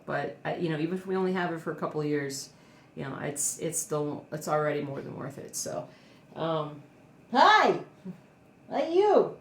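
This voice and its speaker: Low-voiced woman vlogging from home. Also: roomy sound, a little hiss or hum. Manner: rambling, with many fillers and baby talk to her dog. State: emotional, near tears. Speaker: cross stitch vlogger. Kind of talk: casual chat to camera. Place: indoors at home.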